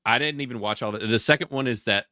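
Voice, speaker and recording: A man appearing as a guest on a casual podcast, summing up movie sequels in a quick, matter-of-fact way. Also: mid-range voice, bright, forceful tone, dry recording, studio quality.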